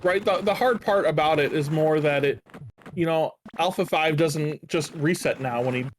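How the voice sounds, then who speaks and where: A man's voice: fairly high pitch, moderate pace, slight background noise. A man co-commentating a game stream in a chatty, hesitant way with many fillers.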